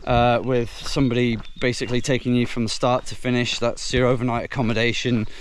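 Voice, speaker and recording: A man's voice: medium pitch, little pitch movement, fairly quick, slight background noise. A man from Britain, out of breath, chatting casually as he films himself hiking up a steep woodland trail and exclaiming at the views. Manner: chatty, exclaims at the scenery, puffing between remarks. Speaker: hiking vlogger. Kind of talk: casual walking commentary.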